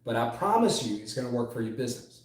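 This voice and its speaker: Emphatic sales coach in an echoey room. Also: male voice, medium pitch, big pitch swings, fast. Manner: emphatic, repeats key phrases, drawls words for stress. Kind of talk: motivational sales lesson.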